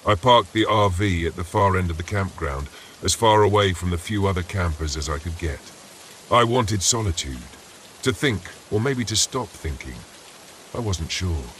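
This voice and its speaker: A man with a very deep voice tells a first-person horror story in a steady, measured narration. Faint rain patters behind him. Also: a little hiss or hum.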